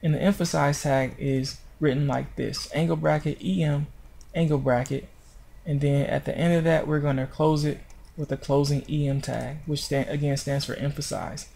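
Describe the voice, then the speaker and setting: Gravelly man walking through a screencast. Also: on the high side, fairly even intonation, normal speed, a little mellow. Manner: step-by-step, informal with restarts and self-corrections. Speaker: web design tutor. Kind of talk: screencast tutorial narration.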